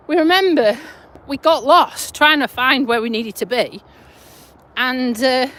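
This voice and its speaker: On a casual live stream, a woman in her forties from the UK talks into her phone while out walking her dog. Her voice is high with a fairly bright tone, and she's chatty, rambling, and quick to laugh.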